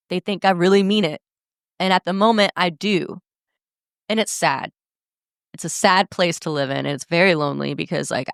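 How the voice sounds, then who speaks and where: Low, gravelly-voiced woman podcaster. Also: no room sound, studio quality. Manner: candid, blunt, swears freely. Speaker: podcast host. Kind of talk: casual podcast monologue.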